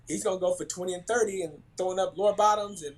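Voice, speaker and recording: A man, a former basketball player telling animated stories in a casual chat. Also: sits high, quick pace, low-quality recording. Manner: animated storyteller, laughs often, acts out quotes.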